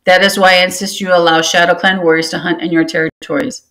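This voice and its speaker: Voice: mid-range voice, little pitch movement, fast talker, pushed and bright, lightly acted, rough recording. A reader voicing a menacing, domineering male cat clan leader in a storybook, speaking in a demanding growl.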